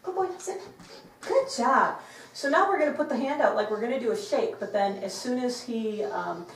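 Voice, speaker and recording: A woman dog trainer explaining a trick to viewers, breaking off to praise the dog with a bright, loud voice. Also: on the high side, lively intonation, a little fast, vocal fry, a little hiss or hum. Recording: roomy, from some distance, faint clicks.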